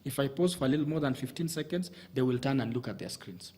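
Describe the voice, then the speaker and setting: This male communication coach, a TV studio guest, is a fast talker with a medium pitch, lively intonation, and a mellow tone. He lays out his advice methodically as a list, frequently restarting sentences.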